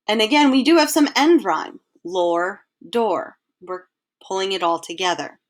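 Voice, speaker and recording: A woman teacher narrates a recorded slideshow lesson. She explains clearly and patiently and has an ordinary, mid-pitched voice. She slows down and measures her words when she reads lines of verse aloud.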